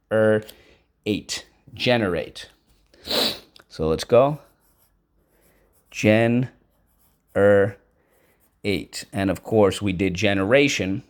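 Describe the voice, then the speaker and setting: Slow, deliberate man teaching vocabulary. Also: on the low side. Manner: conversational, with frequent fillers like "all right". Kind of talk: vocabulary and spelling lesson.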